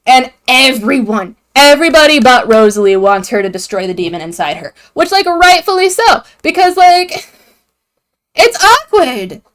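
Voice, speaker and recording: A woman's voice: high-pitched, expressive, moderate pace, a bit bright. A young woman hosting a video, giving an irreverent, profane comedic recap of a story and acting out the characters' lines. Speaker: video host.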